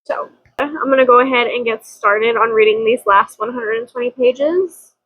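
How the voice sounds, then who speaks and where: A young woman chatting casually as a book vlogger at home, dramatic and quick to laugh, with casual swearing. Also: on the high side, dry recording, narrow, tinny audio. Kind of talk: casual chat.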